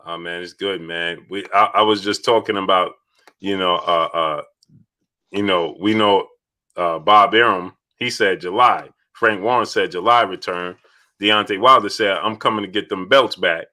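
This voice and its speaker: A man's voice: low-pitched, moderate pace. A man hosting a live boxing talk stream, greeting viewers by name and repeating himself as he goes. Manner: repetitive, animated, shouts out chat viewers.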